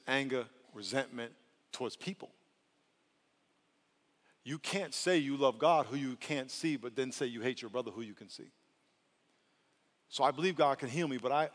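A male pastor preaching a lively, playful sermon that swings from soft asides to loud outbursts. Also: mid-range voice. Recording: long hall reverb.

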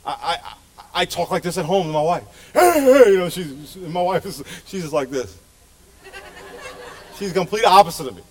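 A man's voice: fairly high pitch, moderate pace, pauses often. A middle-aged male pastor preaching a sermon to his church with passionate, emphatic delivery. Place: church sanctuary.

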